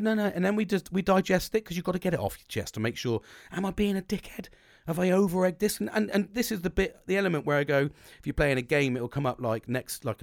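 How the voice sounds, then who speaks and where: A man's voice: a little high, gravelly, no echo, studio quality. A middle-aged man, ranting in a sweary, rambling monologue with bursts of laughter. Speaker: podcast host.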